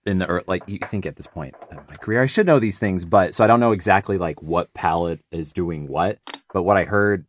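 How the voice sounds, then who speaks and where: A man's voice: low-pitched, fairly quick. A man, a voice actor, talking shop casually, rambling and breaking off mid-thought to demonstrate sounds. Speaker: voice actor guest.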